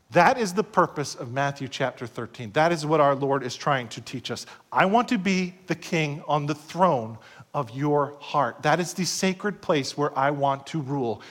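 A middle-aged pastor preaching a sermon, swinging between loud passages and hushed asides and acting out quoted voices. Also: male voice, medium pitch. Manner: acts out quoted voices in short skits.

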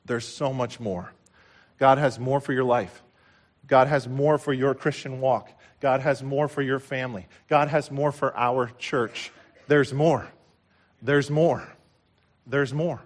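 A man preaching a sermon as pastor, impassioned, swinging from loud declarations to hushed, and repeating phrases for emphasis. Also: mid-range voice, steady tone, slow pace.

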